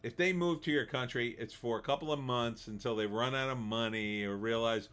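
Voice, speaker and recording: A man's voice: medium pitch, brisk, a bit bright, smooth. A middle-aged man hosting a live stream, reading chat messages and mocking them in sarcastic, laughing commentary. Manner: sarcastic, laughs often, mocking put-on voices. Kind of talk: casual commentary.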